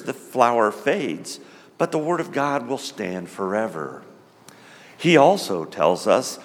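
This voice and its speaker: A man preaching a sermon in a slow, emphatic way. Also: long reverb tail. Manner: slow, emphatic, lively pitch.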